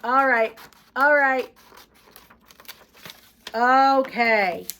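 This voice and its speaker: A woman teaching a preschool craft class and reading a picture book aloud to young children, slow and playful. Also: sits high, bright, forceful tone.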